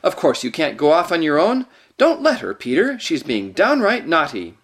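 A man voicing a bossy, sharp-tongued young girl who snaps and scolds. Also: a little high, wildly swooping pitch, moderate pace, voice pushed up. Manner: snappish and scolding.

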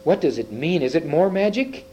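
A man's voice: fairly high pitch, sing-song, moderate pace, dark tone, slight background noise, pitched above the performer's own voice. A man voicing an older girl who is cautious and worried, with a raised, questioning voice. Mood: anxious.

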